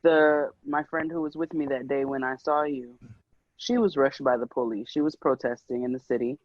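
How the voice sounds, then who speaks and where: A man's voice: mid-range voice, steady tone, normal speed, no room sound. Male podcast co-host, emphatic storyteller, lo-fi dry sound. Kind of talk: casual podcast conversation. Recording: dull lo-fi dry recording.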